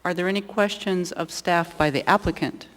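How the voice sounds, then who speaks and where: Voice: medium pitch, moderate pace, a bit bright. Board chair asking questions at a zoning hearing, lots of restarts, echoey room. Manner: hesitant, many restarts.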